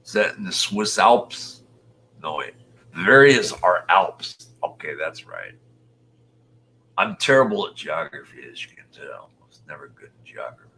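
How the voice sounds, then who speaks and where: Very deep-voiced, slow, rambling man. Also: animated, slight background noise. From Utah, USA. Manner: rambling, muttering soft half-whispered asides. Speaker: show host reading viewer chat. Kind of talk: casual livestream chat.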